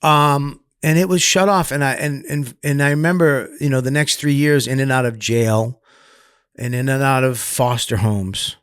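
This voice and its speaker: This podcast guest, a middle-aged comedian from Massachusetts, has a clear, resonant voice of medium pitch and speaks at a normal speed. Profane and animated, he shares his story openly and shouts out the quotes of others when he voices them. There's no echo; the audio is close and dry.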